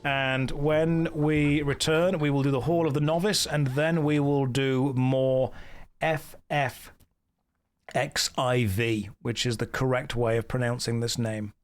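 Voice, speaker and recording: A man's voice: medium pitch, steady tone, unhurried, hardly any pauses. Dry, joking man streaming a game. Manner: dry, sarcastic running jokes. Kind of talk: casual live game commentary. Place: warm indoor room.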